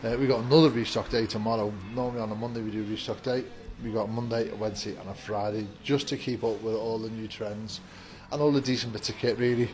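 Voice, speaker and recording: Talking to camera from inside his vape shop, a man greets viewers in an upbeat, rambling way as faint music plays and the door stands open. He speaks fast with few pauses, in a lowish, steady, slightly mellow voice, and there's a little hiss or hum on the recording.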